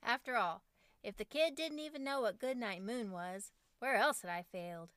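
A woman's voice: fairly high pitch, normal speed, a bit bright, no room sound. A woman in her forties, a podcast host, reading her own parenting book aloud with wry, self-mocking humor.

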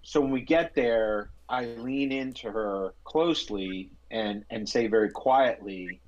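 A man playing a tabletop game, planning aloud in a deliberate way. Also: mid-range voice, darkish tone, dull audio. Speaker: player. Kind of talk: tabletop role-play.

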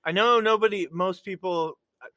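Brief: man, guest, self-deprecating and laughs easily, bright voice, dry sound. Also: high-pitched, moderate pace, no room sound. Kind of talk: casual chat.

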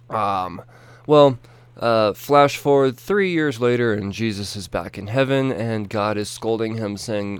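Rambling, profane young man, low smooth voice. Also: expressive, normal speed, no room sound. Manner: rambling, profane, lots of fillers and restarts. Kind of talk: casual comedic story retelling.

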